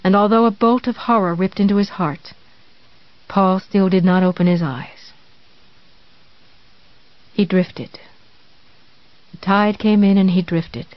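An audiobook narrator reads a novel in a measured, even storytelling voice. The sound is dry and close, with a slightly dull recording. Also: mid-range voice, no echo. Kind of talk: scripted narration.

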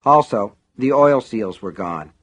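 A man reading an audiobook in a steady, wry storytelling manner. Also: medium pitch, unhurried. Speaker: narrator. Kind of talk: audiobook narration.

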